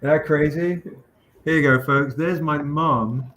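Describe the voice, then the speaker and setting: A man's voice: on the high side, measured pace. Man telling a story on a livestream. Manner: animated anecdote with quoted voices. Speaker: comic publisher hosting a livestream. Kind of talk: casual storytelling chat.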